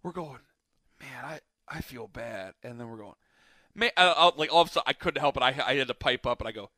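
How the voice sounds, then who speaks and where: Guy rambling thru work stories, bright tense voice, dry room, lots of likes and restarts. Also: medium pitch, animated, very fast, dry recording. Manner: rambling storyteller, many fillers and restarts. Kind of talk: casual chat.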